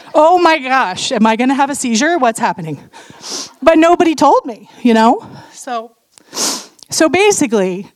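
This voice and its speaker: A woman sharing her testimony with a women's audience, candid and animated, laughing often and swinging between earnest and playful. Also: mid-range voice, no room sound, clean studio sound.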